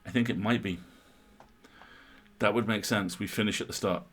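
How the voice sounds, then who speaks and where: A man chatting casually while co-playing a horror visual novel on a stream, giving short agreeing replies and dry quick asides. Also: lowish voice, steady tone, a bit bright. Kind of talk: casual let's-play chat.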